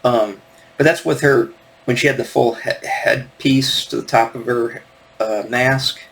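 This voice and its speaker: A man's voice: mid-range voice, steady tone, a little slow, gravelly, a bit bright, rough recording. A middle-aged man and comic artist, talking casually and rambling with lots of fillers and restarts as he shows pages on screen. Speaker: comic artist and video host. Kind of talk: casual solo talk, screen-share commentary.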